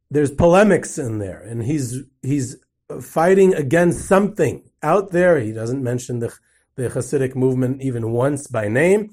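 A man's voice: fairly high pitch, darkish tone. A man giving an unscripted lecture on a religious book, explaining in a thoughtful way with frequent restarts and repeated words. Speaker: Torah lecturer.

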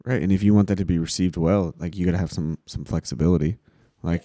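A man's voice: low-pitched, steady tone, fast, warm tone, dry recording, studio quality. A man co-hosting a faith podcast, chatting in a laid-back, conversational way. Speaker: podcast co-host. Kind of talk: casual faith talk.

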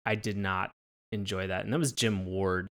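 Animated, profane man chatting. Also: moderate pace. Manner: profane, animated, jumps high when mimicking reactions. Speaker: podcast co-host. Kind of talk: casual chat reviewing a show.

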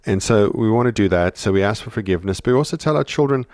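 A man's voice: lowish voice, expressive, fast talker, darkish tone, no echo, clean studio sound. A man co-hosting a casual parenting podcast, explaining earnestly and often checking in with "right?". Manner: earnest explaining, frequent "right?" tag questions. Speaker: podcast co-host.

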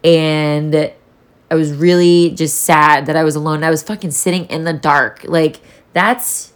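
In a solo vlog, a young woman talks candidly and unhurriedly, rambling and swearing freely as she reflects. Her voice is low-pitched with fairly even intonation, in the style of casual vlog talk.

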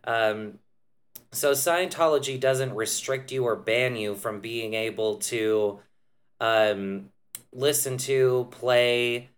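A male podcast host with a mid-range voice talks things through at an even, explanatory pace. He fills his pauses with ums and uhs as he lays out his points in casual conversation. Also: mid-range voice. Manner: measured, explanatory, with frequent "um" and "uh".

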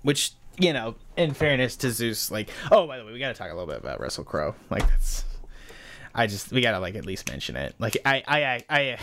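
A man hosting a casual film review chat, animated and rambling, swearing freely. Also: medium pitch, fast, hardly any pauses, slight background noise. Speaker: podcast host.

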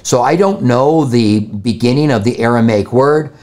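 A man's voice: medium pitch, normal speed, a little mellow. A man answering viewer questions about the Bible on a live stream, thinking aloud with fillers and restarts.

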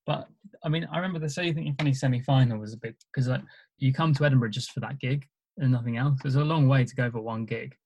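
A stand-up comedian chats casually about his gigs, modest and self-deprecating, chuckling as he tells his stories. He is a fast talker with a medium-pitched, dark, husky voice.

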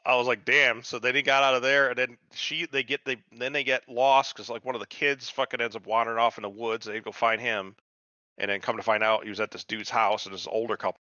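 Bright-voiced man, swearing podcast chat. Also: mid-range voice, quick pace, no echo, muffled recording. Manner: heavy swearing, animated retelling with quoted voices. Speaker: podcast co-host. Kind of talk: casual chat recapping a TV show.

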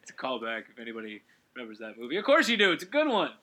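A man hosting a relaxed gaming commentary, rambling and correcting himself as he talks, with quick laughs. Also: mid-range voice. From Canada. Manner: rambling, self-correcting, giggly. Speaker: let's play host.

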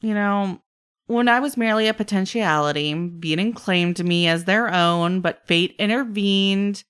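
A woman voicing a mischievous male trickster spirit who talks in a playful, drawn-out, chatty way. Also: medium pitch, fairly bright tone, clear, resonant tone, lightly acted. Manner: teasing, drawn-out, chatty with trailing fillers.

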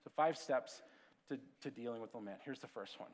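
A man preaching a sermon as pastor, conversational and animated, swinging from lively storytelling to quiet, hushed asides. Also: mid-range voice, fairly quick. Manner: conversational, animated storytelling with sudden drops to a hush.

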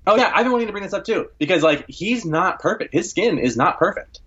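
A podcast co-host sharing film trivia in casual chat, relaxed, with many fillers. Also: mid-range voice, fast talker, dull audio.

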